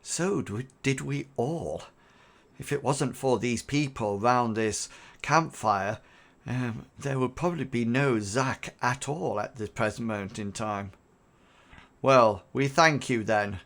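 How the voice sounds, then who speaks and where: A man voicing a stern male mercenary captain who speaks low and slow. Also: gravelly, fairly bright tone. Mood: measured.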